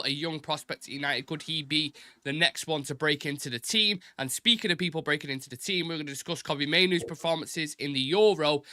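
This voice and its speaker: A man's voice: on the high side, sharp tone, no echo, clean studio sound. A man hosting a live football fan show, chatty and full of restarts. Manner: chatty, fast, many restarts. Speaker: host.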